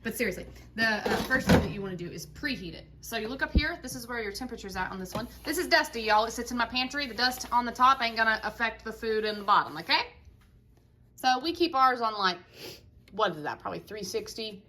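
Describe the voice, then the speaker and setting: A woman's voice: a little high, expressive, quick pace, bright, forceful tone, a little hiss or hum. A woman, a chatty, folksy mother talking through a casual home cooking vlog in her kitchen with self-deprecating humor. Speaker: home cook vlogger and mother.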